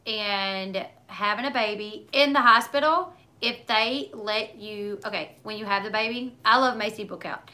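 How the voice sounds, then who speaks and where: A chatty woman in her thirties talks to her viewers in a relaxed, meandering way, answering their comments as they come in. Her voice has a bright, forward edge, and her sentences run on with lots of likes and asides. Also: medium pitch, normal speed, few pauses. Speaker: livestream host reading viewer comments. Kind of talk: casual chat.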